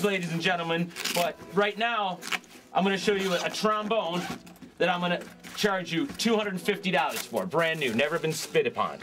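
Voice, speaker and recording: Man, hard-sell store owner, ranting pitch that jumps between shouts and mutters, slightly higher voice. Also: normal speed, over music.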